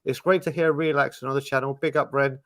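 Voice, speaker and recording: A man's voice: mid-range voice, steady tone, quick pace, a bit bright, no echo. Man hosting a chatty fan show. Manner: chatty, leads questions, repeats himself. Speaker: show host. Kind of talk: casual podcast chat.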